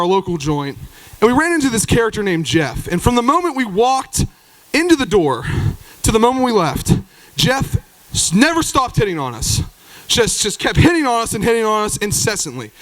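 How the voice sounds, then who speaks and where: A male stand-up comedian telling a profane, animated story live on stage into a handheld mic. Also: high-pitched, no echo, rough recording. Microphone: handheld stage microphone.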